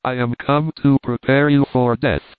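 A gentle, solemn friar breaks grave news softly and kindly, as a male narrator reads him. The voice sits at a middle pitch and comes through thin and phone-like, dry and close. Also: steady tone, normal speed, clear, resonant tone, dry recording, lightly acted. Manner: soft, grave delivery. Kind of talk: audiobook dialogue reading. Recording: dry, tinny phone-like sound.

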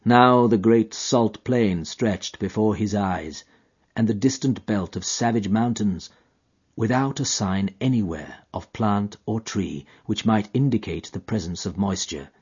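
Male audiobook narrator, dramatic and drawn-out, husky voice, dull lo-fi recording. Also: fairly low pitch, darkish tone. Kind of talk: expressive literary narration.

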